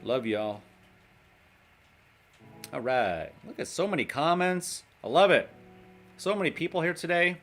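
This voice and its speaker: A man hosts a casual livestream, reading through a list and chatting with his viewers between items. He laughs often and speaks in a slightly high voice. Faint music plays in the background. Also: lively intonation, a little slow, pauses often, fairly bright tone. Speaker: livestream host in recovery.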